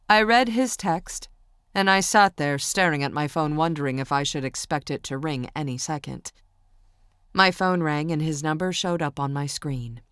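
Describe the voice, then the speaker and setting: A woman narrating a romance audiobook in the first person, in a steady, intimate storytelling manner. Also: low-pitched, unhurried, clean tone, no room sound, clean studio sound.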